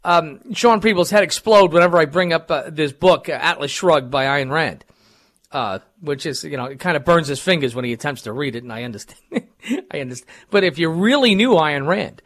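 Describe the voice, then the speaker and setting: A man's voice: a little high, lively intonation, fairly quick, fairly bright tone. A middle-aged man hosting a talk radio show, rambling with many fillers and restarts.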